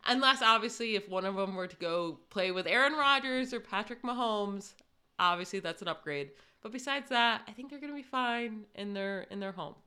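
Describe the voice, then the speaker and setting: A woman with a bright, forceful voice chats casually on a sports podcast. She reads out news items and adds her own asides. Her pitch sits in a middle range. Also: normal speed, smooth. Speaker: podcast co-host.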